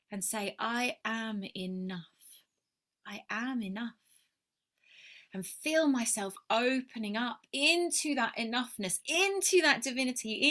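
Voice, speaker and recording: A woman's voice: a little high, pushed and bright. A woman musing in a reflective personal video, heartfelt and earnest, sometimes dropping to a near whisper. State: emotional. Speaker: spiritual mentor.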